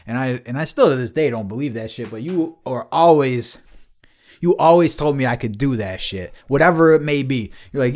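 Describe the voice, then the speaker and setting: A man's voice: medium pitch, a little fast. A man hosting a podcast, telling rambling, profanity-laced stories to an old friend in casual chat. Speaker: podcast host.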